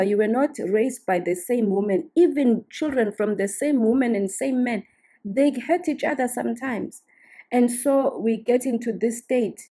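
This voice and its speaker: Dark, husky-voiced woman giving earnest advice. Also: medium pitch. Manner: earnest, instructive, often checks in with the listener. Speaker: podcast host. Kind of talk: casual advice monologue.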